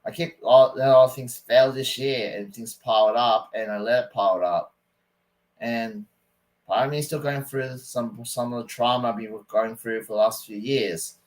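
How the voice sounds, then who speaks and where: A man's voice: mid-range voice, steady tone, moderate pace, rough recording. A man ranting to camera in a rambling, stop-start, aggrieved way. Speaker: vlogger. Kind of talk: casual rant to camera.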